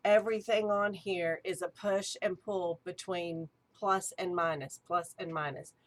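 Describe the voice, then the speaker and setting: A woman's voice: fairly low pitch, steady tone, a little slow. A woman, an archpriestess and ritual director, giving an eager, chatty teaching talk.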